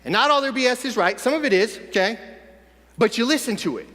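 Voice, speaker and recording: A man giving an energetic, punchy motivational speech to a young audience in a large conference hall. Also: very high-pitched, quick pace. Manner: energetic, punchy, addressing the crowd directly. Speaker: motivational speaker.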